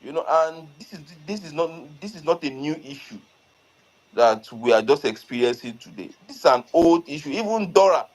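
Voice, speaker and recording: A man giving a measured comment in an online audio-room discussion, halting and full of fillers. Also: on the high side, expressive, rough recording. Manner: halting, many "you know" fillers. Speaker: discussion participant.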